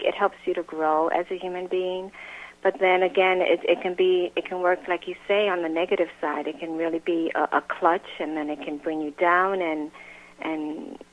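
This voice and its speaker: Woman, actress guest, casual interview, phone-line sound, laughs a lot, low-ish voice. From grew up in a Latin music home, now New York. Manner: warm, laughs often, many restarts.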